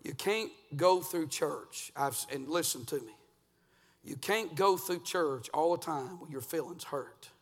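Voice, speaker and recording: Fiery preacher, echoing hall. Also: male voice, on the high side, unhurried, breathy edge. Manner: swings from hushed to shouted preaching. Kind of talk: fiery revival sermon. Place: church sanctuary.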